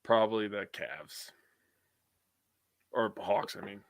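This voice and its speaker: A young man from Wisconsin with a Wisconsin accent, co-hosting a casual sports podcast, blunt and quick to swear. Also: lowish voice, no room sound, studio quality.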